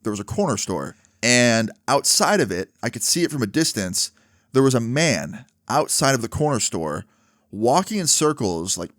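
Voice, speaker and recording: A man's voice: mid-range voice, dry recording, clean studio sound. A young man telling a personal story casually, dropping "like" and "right?" often. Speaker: vlogger. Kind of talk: storytime monologue.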